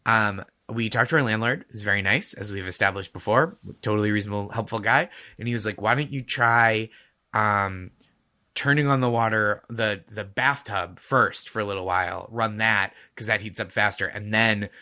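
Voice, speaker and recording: A man with a bright, forward voice tells a wry, chatty story as a comedy podcast guest. He laughs often and speaks over a video call. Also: fairly low pitch, normal speed, no echo, studio quality.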